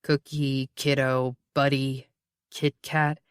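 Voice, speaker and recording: A steady audiobook narrator reading prose at an even, measured pace. The voice sits at a middle pitch. The recording is dry with no room sound. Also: smooth, no echo.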